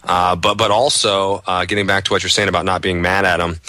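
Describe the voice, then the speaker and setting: A man speaking as a guest on a talk radio show, in a casual, earnest manner with some halting restarts. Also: sits low, flat delivery, sharp tone, no echo. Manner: earnest, agreeing, sometimes halting.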